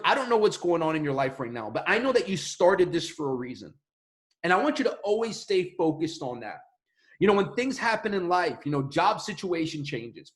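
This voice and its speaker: A man's voice: a little high, a bit bright. A man giving a casual, emphatic motivational talk as a mentor, repeating his phrases for effect.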